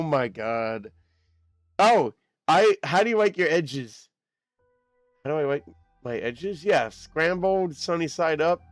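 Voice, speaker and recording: An excitable young man chats to his stream audience in a rambling, lively way, his pitch bouncing up and down. His voice sits a little high for a man. The mic is close and dry, with faint music underneath. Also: dry recording. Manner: excitable, rambling, quick laughs. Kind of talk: casual live-stream chat while gaming.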